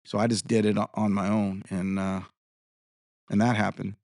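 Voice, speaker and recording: A man's voice: lowish voice, level tone, normal speed, a little mellow, no echo, clean studio sound. A man in his fifties, a guest in an interview, telling rambling anecdotes in a casual way and acting out the dialogue he quotes. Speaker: interview guest, tribal chairman and contractor.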